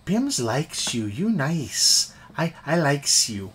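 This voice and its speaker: A man's voice: on the high side, very animated, takes it slowly, fairly bright tone, slight background noise, exaggerated voice. A man voicing a small, eager, childlike male pseudodragon who talks in broken, simple grammar. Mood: gleeful.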